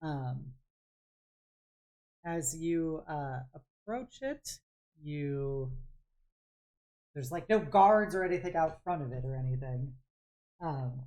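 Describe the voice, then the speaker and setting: A woman's voice: deep voice, a little mellow. A woman game master narrating a tabletop game, describing scenes in a rambling way full of fillers.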